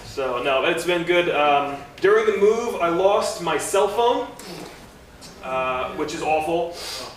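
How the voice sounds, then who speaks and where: A young man doing a stand-up comedy set, rambling and self-deprecating, halting with many fillers. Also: on the high side, expressive. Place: comedy club stage. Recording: echoey club recorded from far off with noise.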